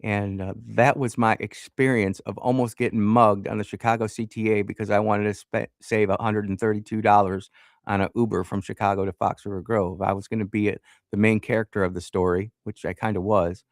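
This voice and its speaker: Male radio host, lowish voice, dry studio sound, rambling storyteller. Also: little pitch movement, a little fast, dry recording. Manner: rambling, self-correcting, laughs at himself.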